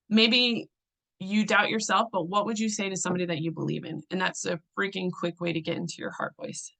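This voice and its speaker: A woman's voice: medium pitch, fairly even intonation, a little fast, creaky, fairly bright tone, low-quality recording. A young adult woman coaching a group in a casual teaching talk. She sounds chatty and loose, with fillers and restarts.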